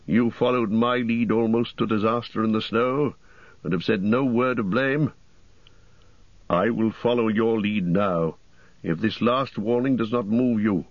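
A man's voice: lowish voice, a little slow, no room sound, lo-fi sound. A man voicing a grim weary ranger. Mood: grave. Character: grim, weary human ranger, stern warrior.

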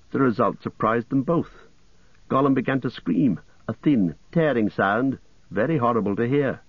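A man reading a story aloud as an audiobook narrator, calm and measured. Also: on the low side, slightly rough, dry recording. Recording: dull lo-fi, dry.

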